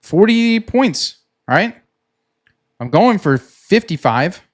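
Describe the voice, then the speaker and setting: A man casually talking through his trading session on a screen share, relaxed and chatty, pointing at the chart as he explains. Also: sits high. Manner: relaxed and chatty, many "like"s, quick laughs; talks himself through the chart while pointing at it. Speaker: futures trader recapping his trading session.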